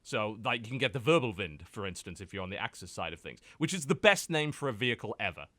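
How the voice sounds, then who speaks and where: A British man hosting a casual podcast, talking about games in an animated, joking way and slipping into playful impressions. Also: on the low side, dry recording. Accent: British English. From United Kingdom. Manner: animated, joking, quick to mimic and exaggerate. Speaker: podcast host. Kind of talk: casual chat.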